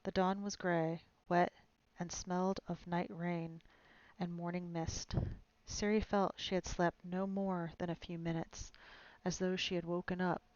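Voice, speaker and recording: A woman streamer reading a novel aloud in a steady, measured narrating voice. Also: on the low side, dry recording, dull audio. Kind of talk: live audiobook reading.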